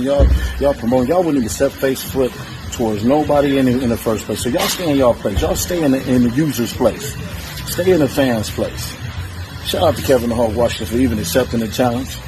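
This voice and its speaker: Straight to the camera, a man fires off a profane, boastful, defiant trash-talk rant as a challenger in a strength feud. His voice is medium-pitched, with music playing underneath and a noisy background.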